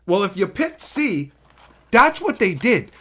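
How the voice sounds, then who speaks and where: A man telling a story in a casual vlog, animated and profane, often exclaiming and cursing. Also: sits high, slow. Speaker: card game streamer.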